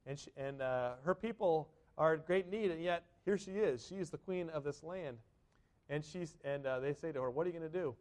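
A man's voice: on the high side, normal speed, a little mellow. A man preaching a sermon to a congregation, conversational, often asking the listeners questions. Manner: conversational, asks the congregation questions, acts out quotes. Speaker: pastor.

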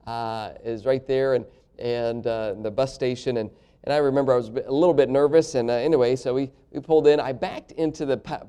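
A man's voice: medium pitch, dark tone, clean tone. A man preaching a sermon, telling a personal story in a folksy way, with many fillers and chuckles. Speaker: pastor.

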